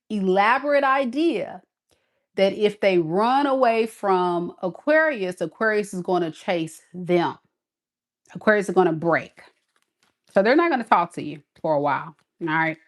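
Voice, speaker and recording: A woman giving a casual tarot reading, sassy and emphatic, talking straight to the viewer. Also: medium pitch. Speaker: tarot reader.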